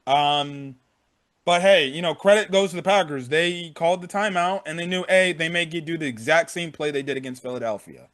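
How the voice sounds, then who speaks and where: A man's voice: fairly high pitch, fairly quick, a bit bright. A young man giving a frank, profane game recap in casual talk, often repeating himself. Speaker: sports fan vlogger.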